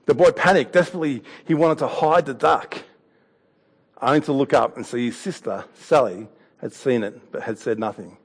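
A male preacher, giving a sermon in a relaxed, conversational way. His voice sits at a middling pitch for a man, and he often drifts softer and quieter. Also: moderate pace, husky. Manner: conversational and warm, with laughs and anecdotes.

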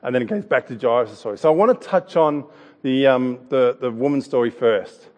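A man in his thirties giving a sermon, telling a family story in a chatty, halting way with restarts and the odd laugh. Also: medium pitch, big-room sound, lo-fi sound. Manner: laughs now and then while telling a story. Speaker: pastor.

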